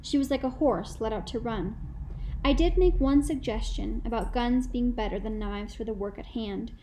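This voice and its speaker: Woman reading a novel aloud, calm and thoughtful, bit high voice, faint hiss behind. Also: low-quality recording. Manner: measured, reflective storytelling. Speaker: audiobook narrator. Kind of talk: first-person novel narration.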